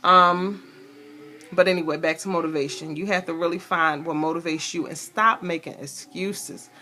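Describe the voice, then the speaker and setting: A woman's voice: lowish voice, steady tone, moderate pace, pushed and bright, slight background noise. A woman vlogger talking casually and emphatically to camera about motivation, pep-talking and fussing with fillers and restarts. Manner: frequent fillers and restarts, bursts of laughter. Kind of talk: casual motivational vlog talk. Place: seated indoors talking to camera.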